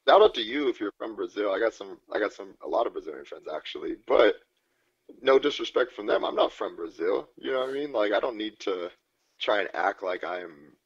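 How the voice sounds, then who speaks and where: A man's voice: lowish voice, lively intonation, brisk, husky, muffled recording. A man co-hosting a podcast in rambling, profane casual chat, laughing often. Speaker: podcast co-host.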